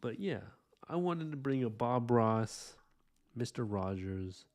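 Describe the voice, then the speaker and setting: A man hosting an art live stream, chatting casually and earnestly with viewers while he inks, full of fillers and soft asides. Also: mid-range voice, expressive, takes it slowly. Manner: earnest, rambling, warm-hearted thanks to viewers. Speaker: live-stream artist host.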